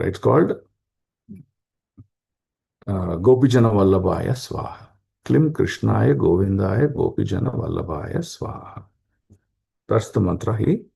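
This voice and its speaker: Low gravelly man teaching. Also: dark tone. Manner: explanatory, asks rhetorical questions, many fillers. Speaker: spiritual class speaker. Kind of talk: informal scripture class.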